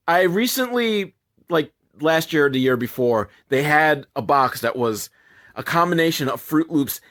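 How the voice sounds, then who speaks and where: A man's voice: fairly high pitch, fairly bright tone. A man doing a sarcastic, profane comedic movie recap as a reviewer.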